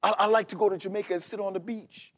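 A man in his fifties preaching a sermon as a pastor, talking to the congregation conversationally and swinging from hushed asides to loud, emphatic passages. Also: high voice, steady tone, fast, slight background noise. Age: 50s.

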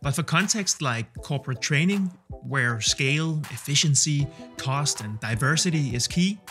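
A man's voice: a little high, animated, moderate pace, a bit bright. A man, talking casually and candidly with a self-deprecating streak as he tests AI tools for a vlog. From Denmark. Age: 30s. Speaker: video creator testing AI tools. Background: faint background music.

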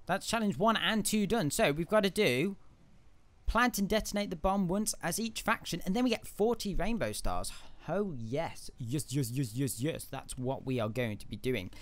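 Excitable man shouting at his game. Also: on the high side, moderate pace, no room sound. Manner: excitable, laughs often, shouts at teammates. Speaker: gaming video host. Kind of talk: excitable let's-play commentary.

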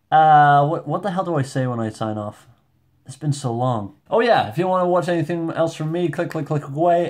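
A man reviewing a movie in a casual vlog at home, rambling, excitable and self-deprecating. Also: a little high. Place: home room with shelves.

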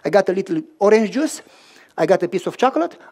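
High-voiced, animated male preacher. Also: fast talker, crowd noise. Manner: animated and emphatic, acting out voices and rhythmic sounds; short repeated phrases, stressing each word. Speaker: pastor. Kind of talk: storytelling sermon.

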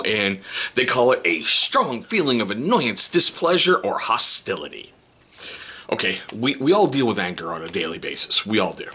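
Husky, bright-toned man in his forties. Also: on the low side. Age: 40s. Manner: candid and joking, with teasing asides and repeated rhetorical questions. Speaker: vlogger. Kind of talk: casual self-help talk to camera.

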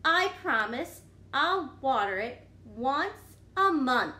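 A woman voicing an eager, demanding little male pigeon in a picture book read-aloud, pleading and whiny with loud bursts. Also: sits high, sing-song, takes it slowly, heavily acted. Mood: excited. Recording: echoey room.

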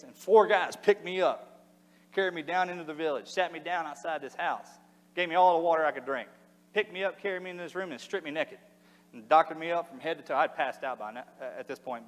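A man giving a public speech, telling a story bluntly and casually with slang, recorded in a large hall. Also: fairly high pitch. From United States. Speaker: former soldier giving a speech.

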